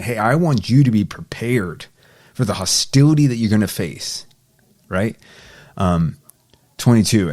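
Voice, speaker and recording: A man's voice: lowish voice, darkish tone. A man giving a casual Bible study, reading verses aloud and paraphrasing them in everyday talk. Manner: reads scripture then paraphrases casually. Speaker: Bible teacher.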